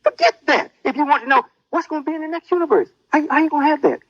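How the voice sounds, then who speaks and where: High-voiced boastful male preacher. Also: lively intonation, rapid-fire, fairly bright tone, no echo, highs cut off. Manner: boastful, menacing. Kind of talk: sermon.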